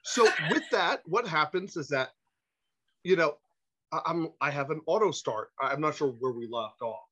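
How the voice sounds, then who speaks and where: A man telling a long anecdote as a podcast guest, animated and stumbling over his restarts, on a muffled lo-fi recording. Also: on the high side, normal speed. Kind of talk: storytelling anecdote. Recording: muffled lo-fi audio.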